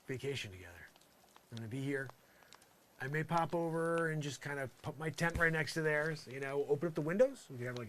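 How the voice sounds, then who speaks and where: A man delivering an improvised comic monologue in a rambling, mock-earnest way, full of "you know" fillers, swinging between loud outbursts and muttered asides. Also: mid-range voice, slight background noise. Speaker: comedy vlogger.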